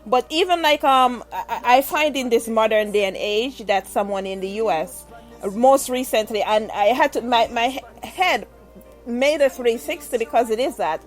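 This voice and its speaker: A Jamaican-accented woman in middle age hosts a relaxed interview. Her voice sits a little high and she talks in a lively, chatty way, laughing often. Faint music plays in the background. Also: normal speed. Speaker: interview host. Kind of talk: casual interview.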